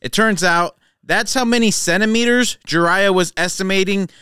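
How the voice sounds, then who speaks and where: A man co-hosting a podcast, swapping funny moments with animated, profane energy. His voice is bright and crisp, sitting a touch high. The recording is close and dry. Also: moderate pace, no room sound. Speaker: podcast co-host. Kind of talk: casual chat.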